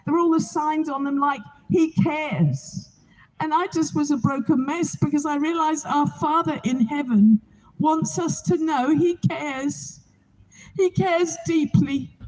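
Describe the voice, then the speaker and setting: A woman's voice: high-pitched, measured pace, a little mellow, low-quality recording. A woman from England, giving an earnest, heartfelt spoken testimony outdoors to a gathering. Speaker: Bible reading organizer.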